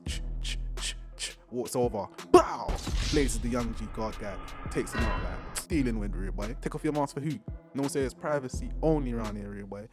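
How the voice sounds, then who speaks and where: A young man doing an animated, slang-heavy comedic recap, acting out the characters in jumpy voices. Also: moderate pace, over music. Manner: animated, acts out characters with big pitch jumps. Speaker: recap host.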